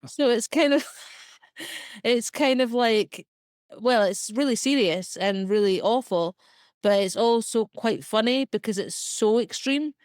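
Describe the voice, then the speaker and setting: A young woman with a Scottish accent, a comedian talking chattily as a podcast guest, full of "like" and quick laughs. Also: fairly high pitch, no room sound, studio quality. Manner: chatty, filler-heavy, quick self-deprecating laughs. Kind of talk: casual podcast interview.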